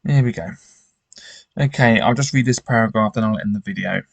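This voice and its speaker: A man's voice: on the low side, brisk, creaky, no echo. Man reading a gamebook, dry sound. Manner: hesitant, stumbles and restarts while reading. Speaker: gamebook player. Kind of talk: reading a gamebook aloud with commentary.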